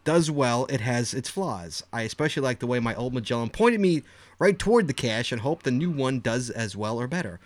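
A man's voice: medium pitch, expressive, fairly quick. A man co-hosting a casual podcast who jokes and teases while reading listener emails aloud. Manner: joking, teasing. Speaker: podcast co-host.

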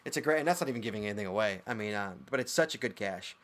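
A man co-hosting a casual chat show, rambling excitedly with lots of fillers and restarts. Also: fairly low pitch, racing. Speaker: podcast co-host. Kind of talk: casual chat, listing favorite geocaches.

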